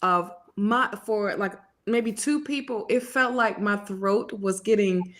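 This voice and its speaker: A woman reading tarot and hosting a casual live chat, lively and laughing often, sniffly with a cold. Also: mid-range voice, takes it slowly. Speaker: tarot reader and show host.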